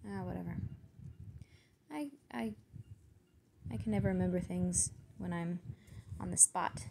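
A woman with a low, gravelly voice works slowly through lists of foreign words and their meanings. She mutters and thinks aloud as she sounds each word out. A faint hiss sits under the recording. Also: dark tone. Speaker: word channel host. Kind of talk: solo vocabulary reading.

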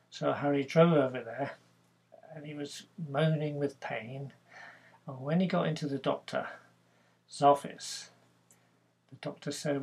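A man's voice: a little high, a little slow. A man casually telling a joke as narration, chatty, with fillers.

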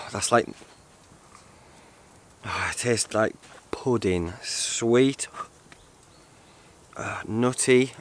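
A man chatting to camera in a casual vlog, excitable and rambling. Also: fairly low pitch, extremely slow, long pauses, slight background noise. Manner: excitable, rambling, swears and laughs often. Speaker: outdoor vlogger.

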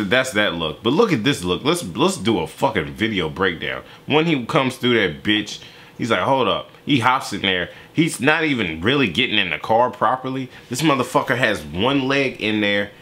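A man's voice: on the low side, sharp tone. A young man hosting a reaction video, giving casual, profane, joking play-by-play commentary. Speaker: YouTube reaction host.

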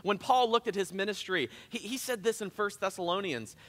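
A man preaching a sermon as pastor, emphatic, swinging between loud urgent peaks and quiet earnest lows. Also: a little fast. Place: church sanctuary. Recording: church hall with long reverb.

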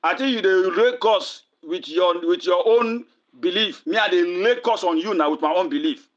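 Man, Nigerian Pidgin accent, high-pitched, taunting angry rant, slightly muffled lo-fi recording. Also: normal speed. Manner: confrontational, taunting and cursing. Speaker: online commentator.

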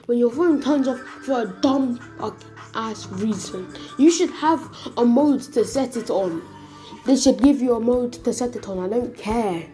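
A woman's voice: on the high side, measured pace, dark tone. A woman casually telling her own fan story, rambling and swearing as she goes. She keeps breaking off to restart her sentences. Faint music plays under her voice. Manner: profane, rambling, self-interrupting.

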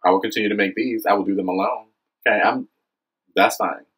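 Husky-voiced man preaching earnestly to camera. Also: a little fast, rough recording. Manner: earnest, preachy, frequent "okay?" and "you know what I mean?"; animated, swings high when excited. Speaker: vlogger. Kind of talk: impassioned direct-to-camera monologue.

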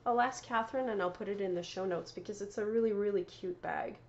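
A woman's voice: mid-range voice, quick pace, darkish tone, highs cut off. A woman hosting a knitting podcast, chatting casually and showing off her yarn and prizes, often correcting herself and laughing. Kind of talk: casual show-and-tell chat.

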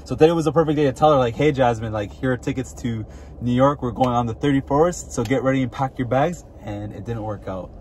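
A man's voice: mid-range voice, fast, darkish tone, a little hiss or hum. A man vlogging, telling a story casually with lots of fillers. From Canada. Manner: chatty, filler-heavy.

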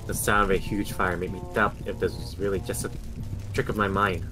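Guy reading a creepy horror story, lowish voice, music under it. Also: steady tone, brisk. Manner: dramatic, acting out fear and desperation.

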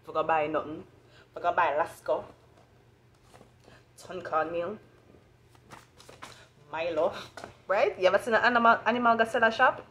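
A woman's voice: fairly low pitch, fairly even intonation, moderate pace, long pauses, fairly bright tone, a little hiss or hum. A woman with a Jamaican accent giving an astrology reading as a blunt, profane rant. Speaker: astrology reader.

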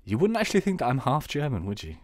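A man's voice: mid-range voice, huge pitch swings, fast, darkish tone, no room sound, clean studio sound. A young British man giving casual, joking gameplay commentary as a let's-player. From Britain. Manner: chatty, joking, upbeat.

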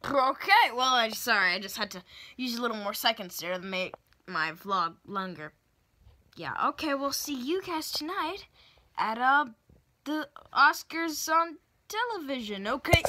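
A woman's voice: fairly high pitch, big pitch swings, moderate pace, sharp tone. A young woman chatting casually to her phone camera in a vlog, playful and chatty. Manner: chatty and playful, tired at times. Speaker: vlogger.

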